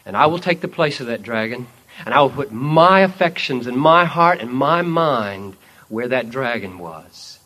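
A man voicing a sovereign king who speaks in a calm, commanding, measured way. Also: medium pitch. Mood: assuring.

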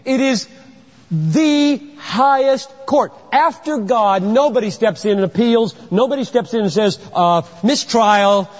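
A man's voice: very high voice, expressive, measured pace, darkish tone. A man preaching a sermon, emphatic and dramatic, acting out courtroom scenes as he teaches. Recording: echoey hall, dull lo-fi sound.

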